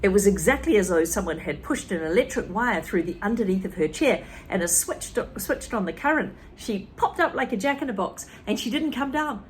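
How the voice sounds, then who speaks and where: A woman teacher reading a children's story to a class, with expressive delivery and asides to the listeners. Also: medium pitch, normal speed, few pauses, slight background noise. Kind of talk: children's story read-aloud.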